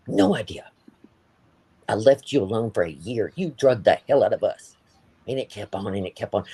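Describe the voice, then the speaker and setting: A man's voice: lowish voice, mellow, breathy edge. Heated, blunt man ranting on a livestream. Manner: heated, blunt, swears, repeats himself. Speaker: livestream host. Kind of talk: ranting live-stream chat.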